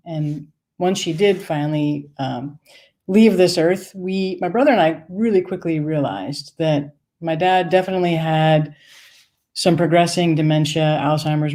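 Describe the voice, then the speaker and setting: A woman's voice: deep voice, darkish tone. A woman from Maine telling an earnest personal story for a streamed storytelling show. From Maine, USA. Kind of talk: personal story told live. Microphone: streamed from home.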